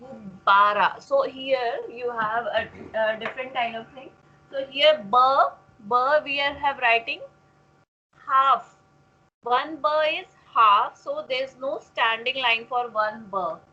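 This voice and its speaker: A woman tutoring a Hindi lesson one-on-one, patiently repeating words slowly so they can be pronounced. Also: high voice, pushed and bright, lo-fi sound.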